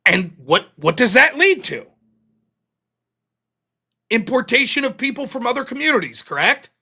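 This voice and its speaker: A man's voice: extremely high pitch, big pitch swings, normal speed, bright, forceful tone, breathy edge. A man arguing in a debate, profane and rambling, acting out little quoted voices as he goes. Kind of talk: heated debate talk.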